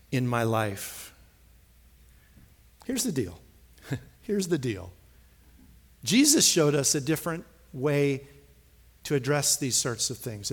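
A man preaching a sermon, stressing key phrases and repeating lines for emphasis. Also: medium pitch. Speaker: pastor.

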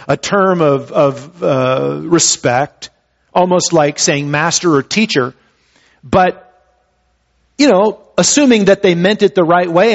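A man preaching a sermon who reads scripture and then explains it in a conversational way, often pausing and restarting his phrases. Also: high voice. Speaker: pastor. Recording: dull lo-fi sound.

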